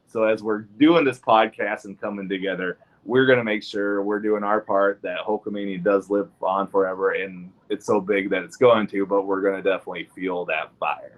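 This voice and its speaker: A man's voice: on the low side, steady tone, moderate pace, hardly any pauses, phone-quality sound. A man, a guest on a podcast, chatting casually and talking at length, piling up dates and figures.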